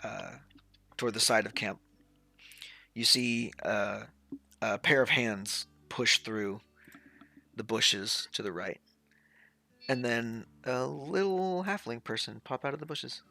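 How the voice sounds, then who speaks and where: A man's voice: medium pitch, slow pace, gravelly, pauses often, no room sound, faint music behind. A man running a tabletop game as game master, narrating casually with many fillers. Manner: relaxed, filler-heavy narration.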